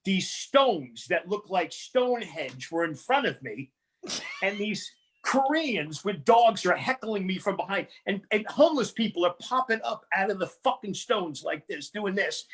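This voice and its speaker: A man doing a loud, rambling, profane stand-up set at a small comedy venue, acting out other people's voices. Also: high voice, animated, a little slow, husky.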